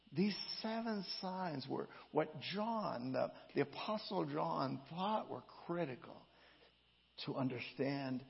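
A man's voice: medium pitch, gravelly, breathy edge. A man preaching a sermon, reading scripture aloud with his own dramatic inflection. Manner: reads scripture with dramatic inflection, slow and emphatic. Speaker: pastor. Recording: dull echoey hall.

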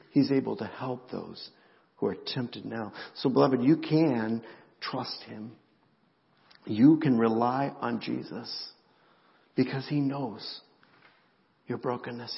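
Middle-aged man, pastor, emotional sermon, hushed then fervent, muffled, echoing hall. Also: medium pitch, creaky. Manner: emotional, swings from hushed to rising intensity. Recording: muffled sound in a reverberant hall.

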